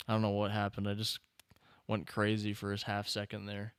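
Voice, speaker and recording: A man hosting a live stream, chatting casually and reacting excitedly to the screen and his chat. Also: lowish voice, normal speed, clear, resonant tone, dry recording, clean studio sound. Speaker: streamer host.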